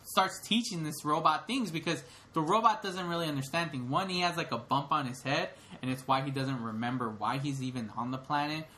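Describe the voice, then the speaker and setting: A man's voice: fairly high pitch, fairly quick, few pauses, bright, forceful tone, slight background noise. A young man co-hosting a podcast, retelling a film in casual chat, rambling with lots of fillers and restarts. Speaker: podcast co-host.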